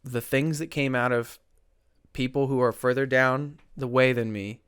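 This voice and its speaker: Earnest young man, smooth dry voice. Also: mid-range voice, steady tone, a bit bright, dry recording. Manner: earnest, halting, many restarts and repeated words. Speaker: podcast guest. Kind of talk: candid recovery story.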